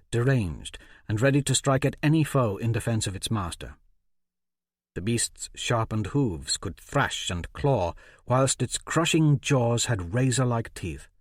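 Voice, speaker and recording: A man narrating a fantasy audiobook in a steady, measured storytelling voice. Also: mid-range voice, no echo, clean studio sound. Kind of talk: scripted narration.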